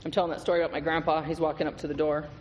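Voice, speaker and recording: In a reverberant hall with faint background noise, a man shares his recovery story as a meeting's guest speaker, laughing along and swearing freely in his candid testimony. His voice is on the high side and level, and he speaks very fast.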